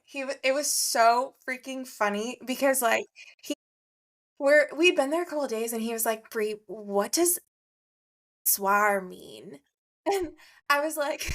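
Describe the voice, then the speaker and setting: A woman's voice: high voice, fairly bright tone. A woman co-hosting a podcast, telling a story in casual chat and laughing often. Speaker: podcast co-host.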